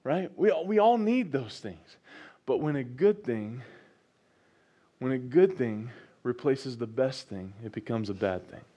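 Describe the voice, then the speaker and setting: Animated male preacher. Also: mid-range voice, unhurried. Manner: preaching with rising excitement and repetition. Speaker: pastor. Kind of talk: sermon.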